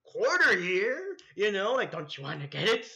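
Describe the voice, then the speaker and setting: A man's voice: high-pitched, wildly swooping pitch, normal speed, vocal fry, pushed and bright, heavily acted. Pennywise, a creepy luring clown, as a man puts him on. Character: creepy taunting male clown monster in a sewer.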